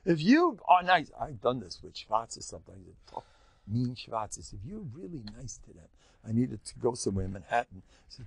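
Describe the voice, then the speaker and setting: An older man, a rabbi giving a Torah lesson in an animated storytelling way, acting out quotes. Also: medium pitch, normal speed, husky. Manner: animated storytelling, acts out quotes, mixes in Yiddish and Hebrew. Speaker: rabbi teaching a class.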